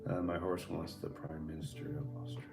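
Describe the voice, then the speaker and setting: A man's voice: a bass voice, flat delivery, brisk. A man hosting a live stream, chatting casually in a rambling, laid-back and profane way while talking to viewers. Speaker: livestream host. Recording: roomy echo, faint music behind.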